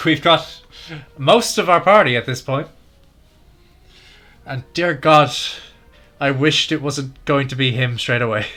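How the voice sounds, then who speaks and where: Teasing bright-voiced male streamer. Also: mid-range voice, slow pace, long pauses, soft background music. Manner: teasing, laughs often. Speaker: streamer playing and commentating. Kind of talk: casual chat while gaming.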